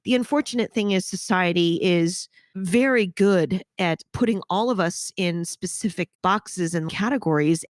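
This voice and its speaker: Woman, podcast host, frank energetic talk, casual swearing, dry close mic. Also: lowish voice, moderate pace, no echo. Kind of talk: conversational interview.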